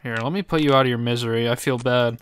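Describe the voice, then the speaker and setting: A man giving casual, joking gameplay commentary as a gaming YouTuber, excitable and quick to laugh. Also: medium pitch, noisy background.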